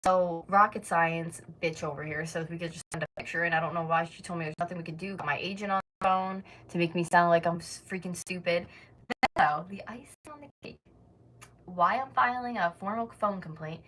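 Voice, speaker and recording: An exasperated North American woman in her twenties vents in a casual storytime rant for her vlog, swearing often and packing her speech with fillers like "like." Her voice is fairly low, a bit bright and fairly even, she talks fairly quickly, and the recording is rough.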